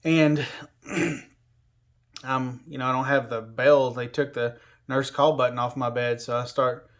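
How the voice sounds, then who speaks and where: A man recounting a personal experience in a loose, rambling way, with plenty of "you know" and "like." His voice sits at a middling pitch for a man. The delivery is everyday and unpolished. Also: steady tone, takes it slowly. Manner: rambling, filler-heavy, conversational. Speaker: storyteller. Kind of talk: casual spoken storytelling.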